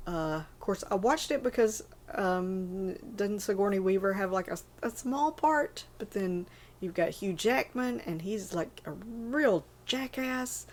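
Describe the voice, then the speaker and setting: A woman's voice: mid-range voice, expressive, measured pace, darkish tone. A woman in her forties casually rambling about favorite movies, full of fillers and self-corrections. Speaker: movie list vlogger.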